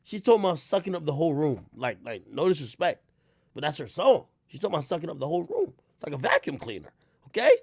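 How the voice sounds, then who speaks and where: A young man in casual reaction commentary, telling stories with lots of fillers and sudden bursts of shouting. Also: a little high, fast, vocal fry, breathy edge, dry recording, clean studio sound. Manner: animated storytelling with frequent fillers, bursts of shouting. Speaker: streamer commentator.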